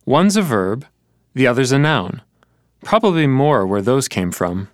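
Animated man explaining word examples. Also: medium pitch, a little slow, dry recording, clean studio sound. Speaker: co-presenter. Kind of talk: scripted teaching dialogue.

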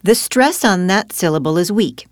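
A woman's voice: fairly low pitch, lively intonation, moderate pace, dry recording, clean studio sound. A woman teaching spelling in a scripted dialogue, guiding her partner patiently with questions. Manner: patient, questioning, guides with prompts. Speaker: language teacher.

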